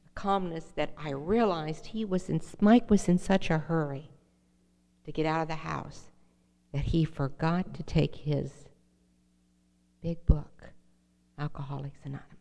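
Her voice is low, creaky, and warm as this middle-aged woman recounts her recovery to an audience in a large hall. She's earnest and direct in her testimony, often putting questions to listeners. The high frequencies are cut off.

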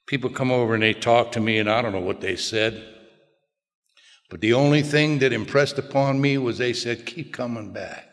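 An older man telling a plainspoken personal recovery story to a group, in a folksy way with quiet low asides. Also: normal speed. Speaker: recovery speaker. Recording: long hall reverb.

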